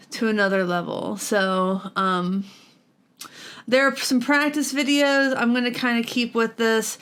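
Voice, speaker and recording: At home, a woman with a fairly high, bright, smooth voice vlogs casually about guitar gear while practicing. She is chatty and self-deprecating, with plenty of fillers and giggles.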